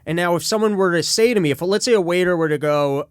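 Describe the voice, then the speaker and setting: Podcast guest, man, slightly high voice, sarcastic rambling riffs, dry close sound. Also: fast talker, clear, resonant tone, no echo. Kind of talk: casual comedic chat.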